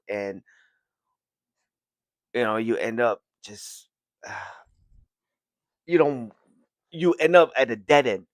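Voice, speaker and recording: A man's voice: medium pitch, dry recording. A man hosting a podcast, recapping a story in a casual, rambling way with restarts and frequent chuckles. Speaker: podcast host.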